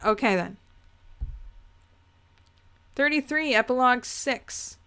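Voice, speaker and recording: A woman's voice: a little high, expressive, slow, sharp tone, smooth. A woman reading a story aloud, theatrical and sarcastic, with asides to the listener. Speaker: reader reacting to fan fiction.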